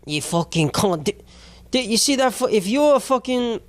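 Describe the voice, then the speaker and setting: A man's voice: extremely high pitch, animated, moderate pace, voice pushed up. A man voicing a drunk, belligerent young man who taunts in a mock Cockney-style accent, slurred and profane. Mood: drunken taunting.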